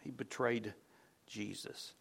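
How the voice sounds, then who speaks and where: A man preaching a sermon in a conversational way, restarting phrases often and dropping to soft, low tones on key words. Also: fairly even intonation, takes it slowly, creaky, slightly rough. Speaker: pastor.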